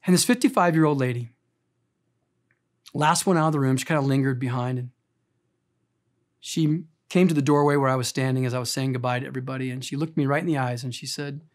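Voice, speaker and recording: A man in his fifties preaching a sermon as pastor, impassioned and emotional, swinging between loud emphatic lines and quiet confiding ones. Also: mid-range voice, quick pace, long pauses. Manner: emotional, speaks of being easily choked up.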